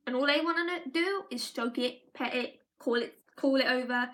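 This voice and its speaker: A woman's voice: high voice, normal speed, fairly bright tone. A young woman in a casual live-stream monologue, rambling and restarting her sentences often. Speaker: live vlogger.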